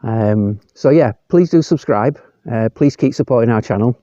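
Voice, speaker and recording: Relaxed man asking viewers to subscribe. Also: mid-range voice, normal speed, no room sound, lo-fi sound. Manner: relaxed, hesitant with fillers. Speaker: vlogger. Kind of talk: casual chat. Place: outdoors in a forest.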